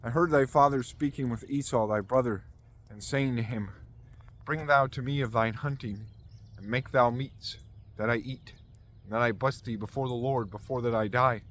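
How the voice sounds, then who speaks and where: A man reading the part of a scheming mother in a scripture reading, steady and urging. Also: mid-range voice, normal speed, close to an everyday voice. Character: scheming mother, middle-aged woman.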